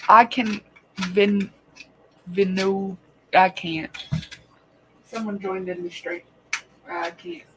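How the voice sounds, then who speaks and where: A woman's voice: medium pitch, steady tone, slow, long pauses. A woman in casual conversation on a home livestream, her voice sitting in a middle register. She talks loosely, with plenty of swearing and frequent laughter. A faint hiss of noise sits under her voice. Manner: chatty, profane, laughs often. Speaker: livestream host.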